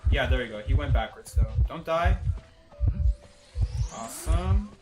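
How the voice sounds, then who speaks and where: A man's voice: on the high side, expressive, a little slow. A man streaming a game live, commenting on his play and joking with chat, laughing often from a basement room.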